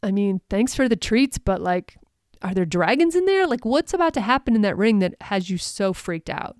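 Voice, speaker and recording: A woman voicing a puzzled pet dog who casually questions its nervous owner, in a smooth, dry voice. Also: medium pitch, big pitch swings, normal speed, a little mellow, dry recording, lightly acted.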